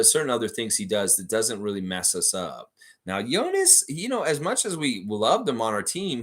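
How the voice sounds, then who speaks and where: Male livestream host with a low voice and lively delivery, chatty, reads out fan comments. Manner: chatty, reads viewer comments aloud and answers them. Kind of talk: casual sports reaction livestream.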